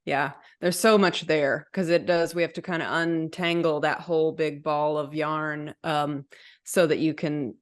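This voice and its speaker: A woman speaks as a dietitian guest in an interview, explaining things calmly. Her voice sits low for a woman. She talks at an even, unhurried pace. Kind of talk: interview answers.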